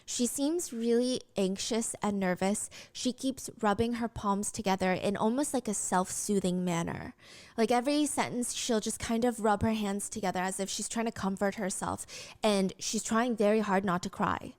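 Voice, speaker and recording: A woman's voice: medium pitch, normal speed, darkish tone. Woman narrating a true-crime story.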